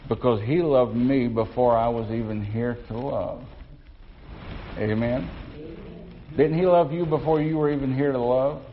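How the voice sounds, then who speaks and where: A man's voice: mid-range voice, unhurried, pauses often, muffled recording, slight background noise. A male pastor preaching a sermon to his congregation in a church, asking rhetorical questions as he goes.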